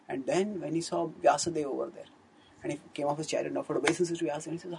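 A man's voice: fairly high pitch, fairly even intonation, fast talker, vocal fry, darkish tone, slight background noise, poor audio. A man giving a scriptural storytelling discourse as a spiritual teacher, in an earnest manner, often correcting himself. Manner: earnest, fluent retelling with frequent self-corrections.

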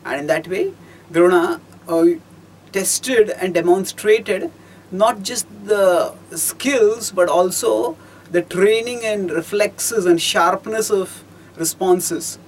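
A man giving a storytelling lecture on scripture, measured and explanatory, pausing often and rephrasing as he goes. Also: sits high, slight background noise, low-quality recording. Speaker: teacher of scripture.

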